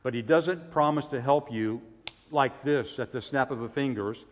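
A man preaching a sermon with emphatic delivery, his voice swelling loud and falling low. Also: normal speed. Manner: emphatic, rising to loud cries on quoted prayers, then dropping low. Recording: long reverb of a large hall.

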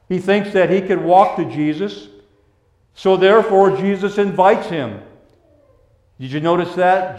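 A man preaching a sermon in a gentle, pastoral way, dropping to hushed tones and then rising to emphatic lines. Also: on the high side, reverberant. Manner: gentle, pastoral, swinging between soft hushed passages and raised emphatic ones.

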